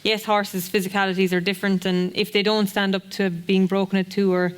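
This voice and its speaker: A woman speaks on a seminar panel in a smooth, clear voice that stays fairly flat in pitch. She is frank and puts questions back to the room. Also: a little fast.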